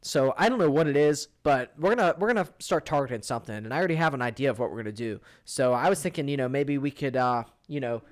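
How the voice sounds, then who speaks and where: A man's voice: medium pitch, quick pace, few pauses. Blunt, profane young man chatting. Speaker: podcast co-host. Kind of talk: casual chat.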